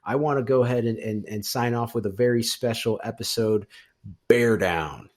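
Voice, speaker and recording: A man's voice: mid-range voice, steady tone, fairly quick, darkish tone. A man co-hosting a casual sports podcast in a laid-back, rambling way, speaking into a studio microphone. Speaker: podcast co-host.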